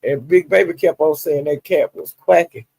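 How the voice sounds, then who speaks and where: A man with a gravelly, slightly raised voice tells gossip on a livestream. He chats loosely, laughs often and acts out the quotes. His voice sits close and dry on the mic, with no room sound. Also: on the high side, normal speed, no room sound, rough recording. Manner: animated, laughing storyteller who acts out quotes. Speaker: livestream commentator. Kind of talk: casual gossip commentary.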